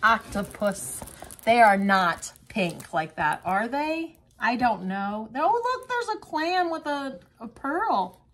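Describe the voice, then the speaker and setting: A woman's voice: fairly high pitch, sing-song, takes it slowly. A woman craft vlogger giving casual unboxing commentary, gushing with exclamations and chatty asides to her viewers.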